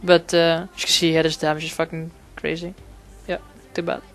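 Smooth-voiced, flat-toned male gaming commentator. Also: fairly high pitch, a little fast, faint music behind. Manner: rambling, profane, frequent fillers. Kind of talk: casual gameplay commentary.

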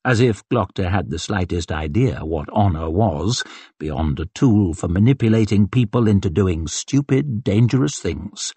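A man narrating an audiobook in a dramatic, expressive storytelling manner. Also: sits low, unhurried, husky, no echo.

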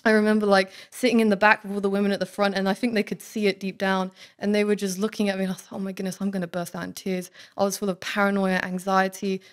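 A woman's voice: medium pitch, little pitch movement, quick pace, few pauses, smooth. Young adult woman, church member testimony; candid, earnest, chatty with fillers. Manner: candid, earnest, heavy use of "like". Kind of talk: personal faith testimony. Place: student living in Oxford.

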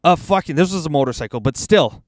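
A man's voice: a little high, lively intonation, fast talker, dry recording, studio quality. A man, co-hosting a podcast from inside a car, telling a profane, ranting story in casual chat. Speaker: podcast co-host.

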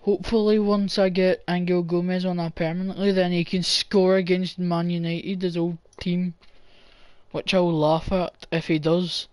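A man's voice: high-pitched, flat delivery, moderate pace, darkish tone, clear, resonant tone, no echo. A man giving casual, sweary gameplay commentary and chatting with viewers as he plays. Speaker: gaming channel host.

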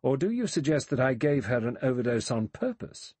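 A man voicing a stiff, defensive middle-aged doctor in an audiobook, brisk and clipped. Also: mid-range voice, very animated, darkish tone, breathy edge, no echo, pitched above the performer's own voice. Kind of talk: audiobook character voice.

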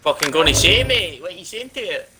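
Sweary excitable streamer. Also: male voice, fairly high pitch, fast talker. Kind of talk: casual live gaming commentary. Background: game music and gunfire.

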